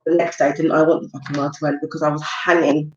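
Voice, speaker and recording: Woman in her thirties, lowish voice, rambling casual livestream chat, heard from a distance. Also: flat delivery, fast talker. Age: 30s. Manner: chatty, rambling storytelling with lots of fillers. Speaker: live-stream host. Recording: roomy, distant, dull home recording.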